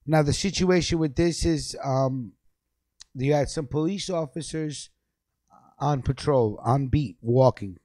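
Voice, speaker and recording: A man's voice: fairly high pitch, unhurried, no room sound, clean studio sound. A man hosting a live talk show, telling stories with lots of laughter in casual banter. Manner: animated storytelling, laughs often. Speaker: radio show host.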